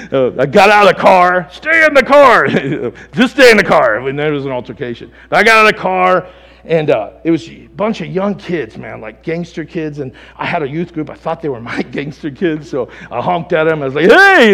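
A man preaching a sermon as a pastor, telling stories with lively acted quotes and laughter. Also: on the high side, normal speed, creaky, in a large hall.

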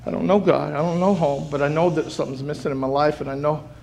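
A man preaching a sermon as pastor, moving from soft pleading to loud shouting and repeating phrases for emphasis. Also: on the high side, steady tone, fast, gravelly, a little hiss or hum. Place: church sanctuary.

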